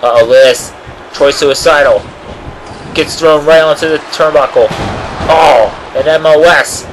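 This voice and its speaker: A man giving excited amateur play-by-play commentary on a cage wrestling match, bursting out with "oh" and "oh man" throughout. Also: on the high side, measured pace, a little hiss or hum, rough recording. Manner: excitable, frequent oh and oh man exclamations.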